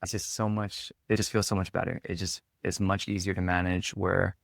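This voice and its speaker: A man's voice: low-pitched, flat delivery, a little fast, gravelly, no echo, clean studio sound. A man, a podcast guest, telling a personal story candidly and reflectively, with many filler words. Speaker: podcast guest, performance coach.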